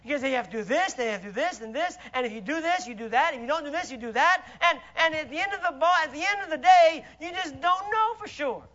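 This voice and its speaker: A man preaching a sermon in a church, emphatic and rhetorical, swinging between loud declarations and hushed asides. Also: extremely high pitch, animated, fast talker, hardly any pauses, muffled recording.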